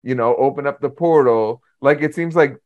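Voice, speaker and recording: A man's voice: mid-range voice, normal speed, a little mellow, highs cut off. Man musing through fan theories. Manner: thoughtful, talks through theories. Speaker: podcast co-host. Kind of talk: casual movie discussion.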